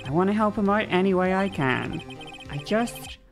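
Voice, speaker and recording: A woman's voice: medium pitch, expressive, moderate pace, soft background music, voice pushed up, lightly acted. A woman voicing an earnest, nervous rookie defense attorney who speaks hesitantly, reading game dialogue.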